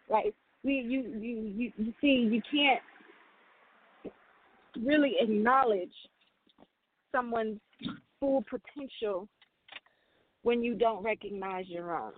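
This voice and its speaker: Earnest woman, tinny phone-like sound. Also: on the high side. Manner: earnest, repeats and restarts phrases, gets emotional. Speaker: spiritual reader and host. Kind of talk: motivational spiritual talk.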